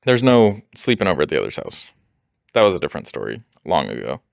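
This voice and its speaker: A man's voice: low voice, wildly swooping pitch, quick pace, vocal fry, dry recording, clean studio sound. A man co-hosting a podcast in casual chat, explaining things at length and laughing often. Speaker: podcast co-host.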